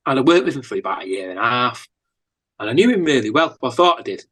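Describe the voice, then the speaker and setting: Northern English male musician, casual rambling storyteller, middle pitch, filler-heavy delivery. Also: quick pace, husky, poor audio. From England. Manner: rambling, animated anecdotes with lots of fillers. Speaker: musician guest.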